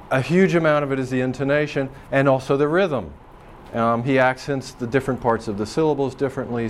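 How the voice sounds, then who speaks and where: In a classroom lecture, a male linguistics professor explains how dialects differ, his thoughts loose and searching, dotted with frequent ums and fresh starts. He speaks at medium pitch over slight background noise.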